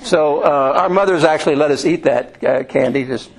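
A man's voice: a little high, normal speed, creaky, poor audio. Folksy man preaching, restarts a lot. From Indiana, USA. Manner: folksy storytelling with many restarts and fillers. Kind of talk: sermon.

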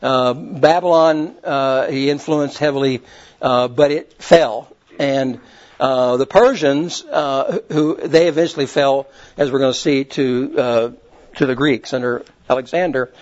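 A man's voice: medium pitch, unhurried. A man teaching a Bible class in a folksy, rambling way, often restarting his sentences. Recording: muffled lo-fi recording.

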